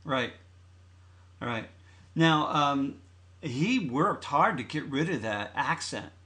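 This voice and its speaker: A man's voice: fairly high pitch, animated, slow, sharp tone. A man hosting a phone interview, asking questions and giving short affirmations. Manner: brief prompts and affirmations. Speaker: interviewer host.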